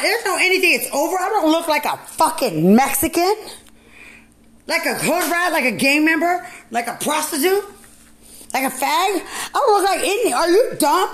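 A woman, a mother, delivering an angry, profane rant that keeps circling back to the same accusations and often breaks into shouting. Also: very high voice. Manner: furious, accusing, repetitive, swings into shouting.

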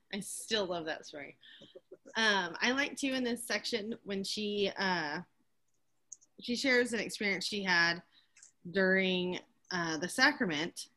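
A woman co-hosting a casual podcast, enthusiastic and quick to laugh. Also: medium pitch, sharp tone. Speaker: podcast co-host.

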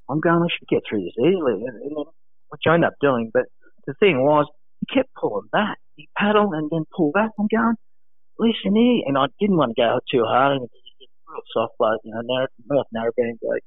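An Australian man calling in to a radio show from home, telling stories in an animated way, laughing often and acting out quotes. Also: mid-range voice, no room sound. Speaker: guest, former lifeguard. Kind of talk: casual storytelling on a radio call. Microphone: phone. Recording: tinny phone line.

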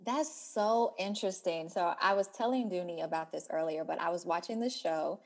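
An American woman co-hosting a podcast, relaxed and frank, with casual swearing. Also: fairly low pitch, normal speed. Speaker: podcast co-host. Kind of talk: casual chat.

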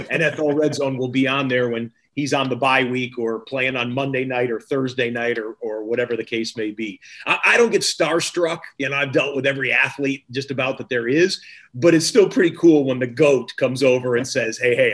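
Energetic man telling sports stories. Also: medium pitch. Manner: energetic storyteller, quotes others in lively voices. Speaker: sports TV host, interview guest. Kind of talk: casual interview talk.

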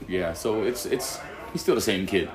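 A man who works as a gym trainer, telling a lively anecdote and acting out the dialogue. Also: low-pitched, moderate pace, reverberant, over music. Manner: animated, acting out quoted dialogue. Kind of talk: anecdotal interview storytelling.

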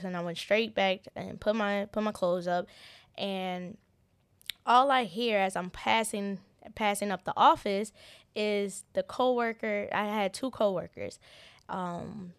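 Halting young woman with a gravelly voice. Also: medium pitch, no echo. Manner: halting, repeats words, earnest. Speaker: interview guest, business owner. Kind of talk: personal story in an interview.

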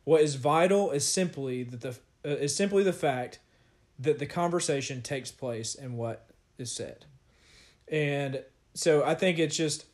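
Guy with a kinda high voice chatting thru a bible passage, lots of ums and little laughs. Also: a little mellow. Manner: conversational, with fillers and laughter, reads scripture aloud. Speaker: podcast co-host teaching scripture. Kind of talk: casual Bible study discussion.

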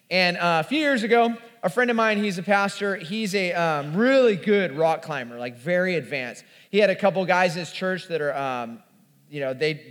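Animated man telling a story in a hall. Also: high-pitched. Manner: animated, self-mocking storyteller. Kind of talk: sermon storytelling. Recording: long hall reverb.

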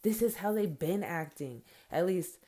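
A middle-aged woman, a mother, ranting in a casual and angry way, swearing often and breaking into loud bursts. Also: fairly low pitch, expressive, unhurried. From Mexican heritage, raised in America. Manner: profane, heated, confrontational, with sudden loud bursts. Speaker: parent speaking her mind.

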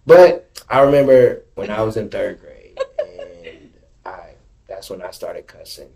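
A man's voice: on the low side, expressive, measured pace, vocal fry, noisy background. A man hosting a podcast, chatting casually in a laid-back, slangy way about his kids. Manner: laid-back, slangy, laughs while talking. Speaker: podcast host. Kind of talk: casual chat.

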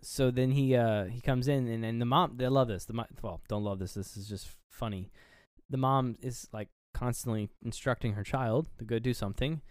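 Young man, podcast co-host, casual movie recap, acts out lines, swears, smooth voice, dry sound. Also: mid-range voice, normal speed, no room sound. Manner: animated retelling, acting out characters' lines.

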